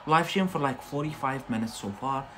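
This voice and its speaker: A man's voice: mid-range voice, a little fast, sharp tone. A man with a Scottish accent teaching English words on a live stream, chatty and checking in with frequent tag questions.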